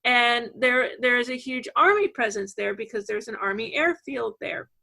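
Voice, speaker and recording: Bright-voiced woman hosting a video chat. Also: on the high side, moderate pace, gravelly, poor audio. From Savannah, Georgia, USA. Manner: chatty, animated storytelling. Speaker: host. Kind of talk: casual group chat on a video call. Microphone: video call.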